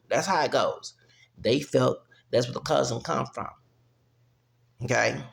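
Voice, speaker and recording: This American vlogger delivers a heated, profane opinion rant, often breaking off with "okay?". His voice is medium-pitched and fairly bright, with some vocal fry.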